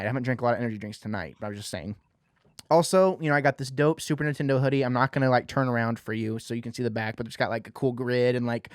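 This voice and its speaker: A man hosting a casual podcast, talking in an animated way with lots of "you know" fillers. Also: medium pitch, no echo, studio quality. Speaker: podcast host.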